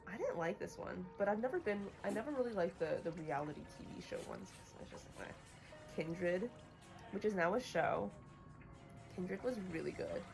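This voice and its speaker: Chatty woman with vocal fry. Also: fairly low pitch. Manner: chatty and bluntly opinionated, lots of "like". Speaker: livestreamer. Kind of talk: casual chat about books. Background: music playing.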